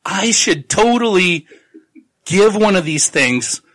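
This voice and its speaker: A man's voice: animated, slow, fairly bright tone, heavily acted, rough recording. A man voicing a bumbling, lecherous schemer who keeps botching his own plans. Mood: scheming. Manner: high-pitched frantic wailing. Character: bumbling lecherous schemer, self-pitying loser.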